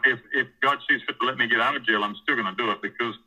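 A man's voice: medium pitch, rapid-fire, pushed and bright, husky, highs cut off. A man in prison telling a rambling, profane story about taking over church services, often acting out what others said. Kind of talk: casual storytelling interview.

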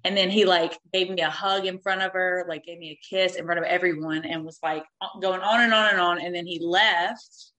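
A woman in her thirties telling a personal story candidly, animated and swearing freely, acting out what people said. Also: fairly low pitch, normal speed, few pauses, rough recording. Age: 30s.

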